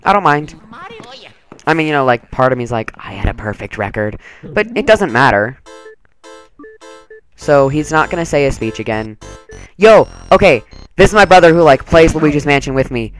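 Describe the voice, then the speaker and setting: A man's voice: fairly high pitch, expressive, moderate pace, pauses often, faint music behind, low-quality recording. Chatty young guy narrating a game. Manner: chatty, rambling, lots of "like". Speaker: let's play commentator. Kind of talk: casual gameplay commentary.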